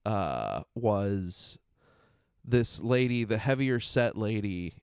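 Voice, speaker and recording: A young man hosting a podcast, telling a story in a casual, animated way, laughing and acting out what people said in a mocking voice. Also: fairly low pitch, slow, clean tone, no echo, clean studio sound. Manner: animated, laughing, acts out quotes in a mocking raised voice. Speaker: podcast host and stand-up comedian.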